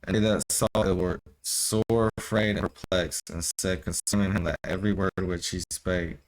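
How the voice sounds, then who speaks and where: A young man with a very deep, low voice reads old scripture aloud in a casual way. He trips over the archaic wording and keeps breaking off into loose, profane slang asides. A faint hiss sits behind his voice. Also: steady tone, normal speed, low-quality recording. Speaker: streamer reading scripture aloud. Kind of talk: casual reading and commentary.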